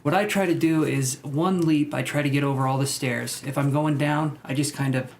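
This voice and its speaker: A man's voice: mid-range voice, steady tone, moderate pace, slight background noise. A man reading tarot cards for viewers on a live stream, chatting casually and joking about himself. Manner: joking, self-mocking, chatty. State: out of breath. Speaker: tarot reader.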